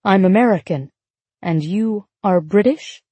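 A woman voicing a young American woman who speaks quietly and carefully. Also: medium pitch, unhurried, breathy edge, dry recording. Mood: calm, careful.

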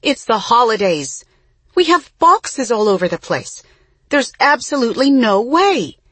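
A stressed, sharp-tongued mother barks her words, clipped and exasperated, as a woman puts her on. The voice sits well above the reader's own and lands loud. It has a husky grain in a dry, close sound. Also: lowish voice, animated, moderate pace, no echo, pitched above the performer's own voice. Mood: angry.

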